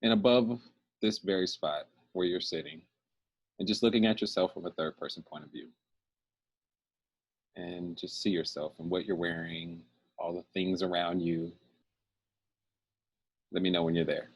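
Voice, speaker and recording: Man, very deep voice, husky, calm guided relaxation talk. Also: moderate pace, long pauses. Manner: calm, soothing, laughs often. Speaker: host guiding a fear-release exercise. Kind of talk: slow guided visualization.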